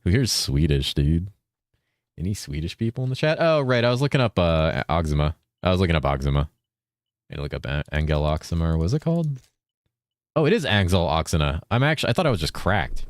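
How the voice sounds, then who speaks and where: With a voice that sits low, big pitch swings and a brisk pace, a Californian gamer streams and chats casually with viewers. He reads chat aloud, swears a lot and says "dude" constantly, relaxed throughout, in studio-quality audio with no echo.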